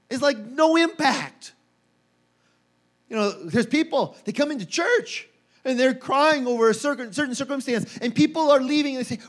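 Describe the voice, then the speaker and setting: High-voiced animated male preacher. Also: moderate pace. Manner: animated, acts out quoted voices with rising pitch. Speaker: pastor. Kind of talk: sermon. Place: church.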